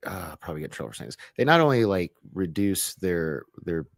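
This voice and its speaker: A man with a very deep voice co-hosts a casual podcast. He talks haltingly and repeats words as he searches for the right one. The sound is dry and close to the mic. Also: very animated, creaky, no echo. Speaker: podcast co-host. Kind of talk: casual live-stream chat.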